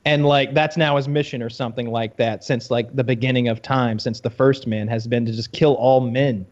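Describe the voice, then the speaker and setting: A man's voice: mid-range voice, fairly even intonation, normal speed, lo-fi sound. A man co-hosting a podcast, explaining at length in a rambling, self-correcting way. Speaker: podcast co-host. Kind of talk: casual chat.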